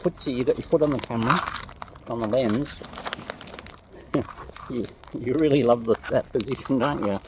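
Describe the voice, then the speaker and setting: A woman's voice: rumbling low, normal speed, pauses often, noisy background. A woman chatting playfully to wild parrots she is feeding outdoors, coaxing them in a sing-song voice. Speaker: wildlife vlogger feeding wild birds. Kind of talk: casual talk to birds.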